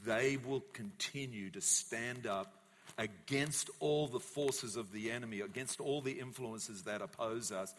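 A man preaching a sermon as pastor, telling a Bible story in a lively way and acting out the voices of the people in it. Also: medium pitch. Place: church hall. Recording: long church hall reverb.

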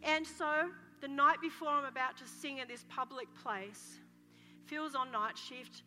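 A woman pastor delivers a fervent sermon, her voice high and bright. She tells her stories with drama and sometimes breaks into joyful shouts. The sound carries a long hall reverb, with faint music behind her. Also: measured pace. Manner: passionate, dramatic storytelling with shouts. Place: church hall.

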